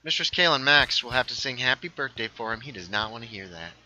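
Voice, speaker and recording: Hosting a casual gaming livestream, a man rambles as he plays, reads viewer chat aloud and tosses in quick asides. His mid-range voice is sharp with lively intonation, and the audio is poor.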